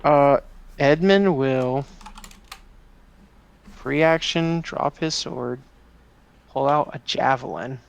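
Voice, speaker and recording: A man's voice: medium pitch, slow pace, vocal fry, pauses often, clean tone, highs cut off. A man as a player in a tabletop game, thinking his moves through aloud and groaning at bad luck. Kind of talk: casual tabletop game chat.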